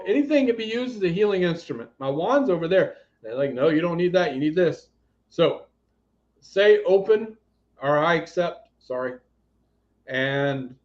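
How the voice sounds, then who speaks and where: A man giving a live spiritual reading and healing, talking bluntly and animatedly, shifting between loud commands and quiet asides. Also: a little high, dull audio. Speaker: psychic healer.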